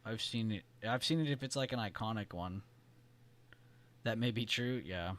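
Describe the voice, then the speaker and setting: A man's voice: lowish voice, normal speed, fairly bright tone. A man hosting a live trading stream, chatting casually and reading out viewer comments in a rambling, joking and profane way. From United States.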